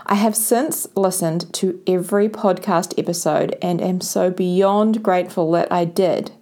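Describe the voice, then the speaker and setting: A woman's voice: on the low side, a little mellow. A woman hosting a podcast, speaking casually to her listeners, effusive and encouraging, often tagging her points with "right?". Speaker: podcast host.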